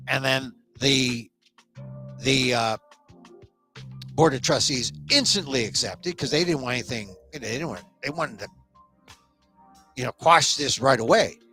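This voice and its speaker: Hosting his small talk show, this middle-aged man from the United States runs through a sarcastic comedy monologue and restarts himself quickly. The pitch is a little high, and the delivery sounds pushed and bright.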